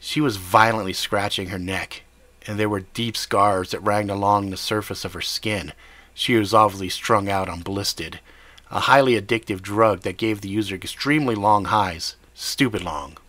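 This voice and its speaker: A man's voice: fairly low pitch, moderate pace, sharp tone, no echo. A man narrating a gritty first-person story in a profane, blunt manner. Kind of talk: scripted fiction narration.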